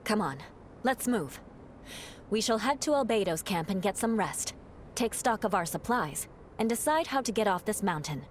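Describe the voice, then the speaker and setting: A woman's voice: mid-range voice, animated, moderate pace, slight background noise, natural voice. A woman voicing a stern, proud young knight in a video game, formal and commanding. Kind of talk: game voice acting.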